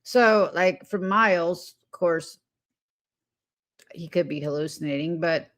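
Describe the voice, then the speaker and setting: Slow, low-voiced irritated woman streamer. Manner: rambling, irritated, swears often. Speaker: livestreamer. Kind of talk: casual livestream chat.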